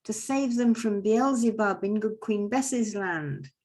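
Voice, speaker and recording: A woman voicing an old Father Christmas in a folk mummers' play, a peacemaking guardian who pleads in slow rhymed verse. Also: medium pitch, darkish tone, voice pushed up, natural voice. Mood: pleading.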